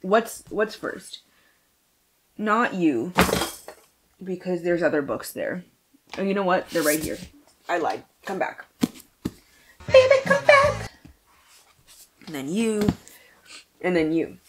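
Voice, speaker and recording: A woman's voice: fairly low pitch, expressive, measured pace, long pauses, heavy background noise. A woman chatting casually about books for a vlog at home, scattered and jumping between thoughts, swearing freely and laughing often. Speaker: book vlogger. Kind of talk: casual book wrap-up chat.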